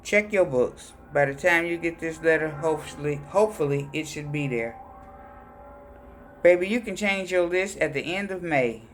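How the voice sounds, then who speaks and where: A man's voice: a little high, normal speed, fairly bright tone, slight background noise. Man reading personal letters aloud. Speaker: reader of letters.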